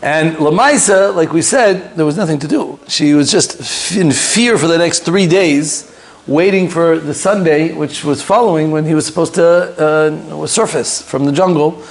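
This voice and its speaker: A male rabbi with a fairly high voice tells a long story during a lesson. He talks loosely and animatedly, with fillers and side remarks. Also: moderate pace, gravelly.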